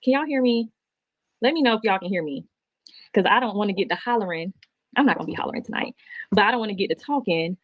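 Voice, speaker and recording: A woman's voice: medium pitch, animated, fast talker, pauses often, no room sound. A woman, talking to her viewers in an emotional, heartfelt, rambling livestream. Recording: muffled, dry replayed stream audio.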